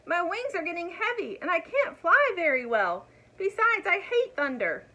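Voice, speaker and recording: A woman voicing a gentle, easily frightened young male dragon in a storybook reading, with a high, breathless, pleading delivery. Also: sing-song, moderate pace, dull audio, heavily acted. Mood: distressed.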